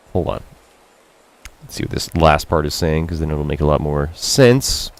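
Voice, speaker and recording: Reading out and translating characters' lines from a Japanese game, this streamer keeps up chatty, self-deprecating commentary, rising in pitch for quotes and dropping for asides. He's expressive at a normal speed, in a dry recording.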